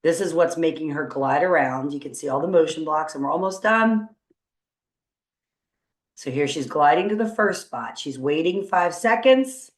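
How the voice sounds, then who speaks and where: A woman teacher talks through a coding tutorial in a fairly low voice, upbeat and encouraging as she thinks aloud. The room rings around her with a noticeable echo. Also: moderate pace. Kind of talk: screen-recorded coding tutorial. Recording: roomy echo.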